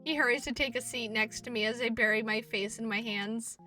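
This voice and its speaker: A woman streamer reading a visual novel aloud and reacting, expressive, swearing and laughing at herself. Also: a little high, fairly quick, far from the mic, faint music behind. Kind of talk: game playthrough, reading and reacting.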